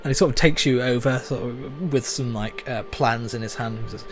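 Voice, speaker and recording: A man's voice: mid-range voice, normal speed, music in the background. A man running a tabletop game as game master, narrating with frequent laughter and small stumbles. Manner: laughing often, animated, with stumbles.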